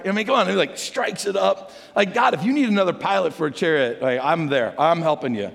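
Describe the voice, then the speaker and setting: A man preaching a conversational sermon as pastor, animated and chatty, asking the congregation questions. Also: a little high, brisk, creaky, hardly any pauses. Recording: long hall reverb.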